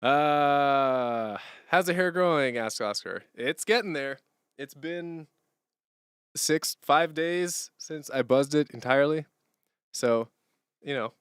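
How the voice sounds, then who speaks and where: A man's voice: medium pitch, a bit bright, smooth, no room sound, clean studio sound. A man chatting casually on a live stream from the floor at home, rambling through chat questions and laughing easily. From Canada. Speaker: streamer and musician. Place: room at home, sitting on a hardwood floor.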